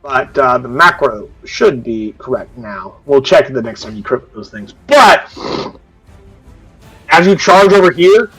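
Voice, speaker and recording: A man's voice: medium pitch, expressive, unhurried, fairly bright tone, slightly rough, soft background music, rough recording. A man narrating as game master in a casual, profane way, explaining rules as he goes.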